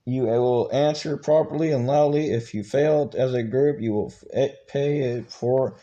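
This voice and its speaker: A man reading aloud and voicing a harsh, bullying male Marine drill instructor who growls crude orders, with halting restarts. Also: medium pitch, dark tone, muffled recording, lightly acted. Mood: growling.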